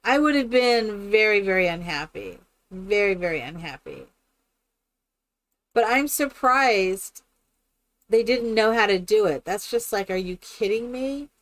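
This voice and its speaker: A woman's voice: a little high, a little slow, fairly bright tone. A woman chatting casually and rambling with many fillers while she builds in a game on a live stream.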